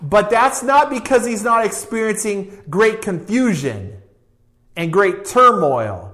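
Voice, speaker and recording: High-voiced man preaching slowly. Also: big pitch swings, a bit bright. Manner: emphatic, slow, repetitive preaching cadence. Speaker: pastor. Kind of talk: sermon.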